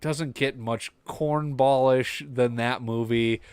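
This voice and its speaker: Smooth-voiced man in casual podcast chat. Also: mid-range voice, fairly even intonation, slow, a little mellow, no room sound. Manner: rambling, enthusiastic movie talk. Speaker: podcast co-host.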